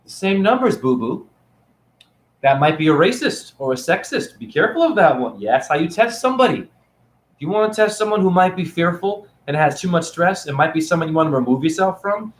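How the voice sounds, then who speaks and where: A man's voice: fairly high pitch, very animated, a little fast, echoey room. A man in a rambling, playful, preachy teaching monologue, filmed on his phone. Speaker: spiritual teacher. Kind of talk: casual teaching monologue to camera. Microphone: phone camera.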